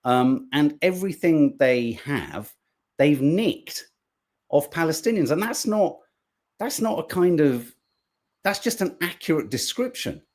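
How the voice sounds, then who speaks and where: A man's voice: fairly high pitch, animated, a little slow, darkish tone. A man hosting a podcast, commenting on news clips in a sarcastic, swearing, mocking way. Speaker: podcast host.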